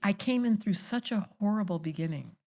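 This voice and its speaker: An older woman astrologer, a podcast guest telling animated, theatrical stories in casual conversation. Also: mid-range voice, a little fast. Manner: theatrical storytelling, acting out quoted voices.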